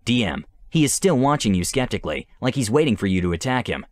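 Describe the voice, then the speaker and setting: A medium-pitched male voice belongs to a game master narrating a scripted fantasy adventure. His measured, descriptive reading has a lively, animated lilt, captured dry and close without room echo.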